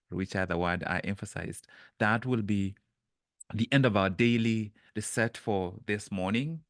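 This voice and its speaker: A man's voice: deep voice, steady tone, moderate pace, no echo, clean studio sound. A man leading a live online coaching session over a webcam, speaking earnestly with frequent restarts and repeated words.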